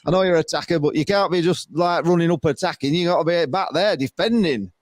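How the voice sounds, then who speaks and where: A man putting on a Yorkshire accent to play a blunt, gruff older football manager. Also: a little high, quick pace, dry recording, studio quality, voice pushed up, close to an everyday voice. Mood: scolding. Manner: blunt, scolding.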